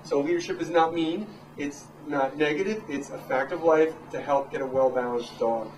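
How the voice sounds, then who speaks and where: A man in his thirties, a dog trainer, giving a casual, animated talk to a live audience. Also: on the high side, moderate pace. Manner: animated, acts out quotes in raised voices. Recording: echoey room from far off, noisy.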